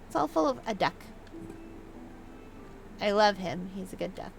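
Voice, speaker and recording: A young woman hosts a gaming video, chatting playfully and casually as she plays, now and then reading notes aloud in a put-on old-fashioned way. Her mid-range voice has lively intonation, a measured pace, and a creaky, breathy edge. Faint music plays in the background during this let's-play commentary.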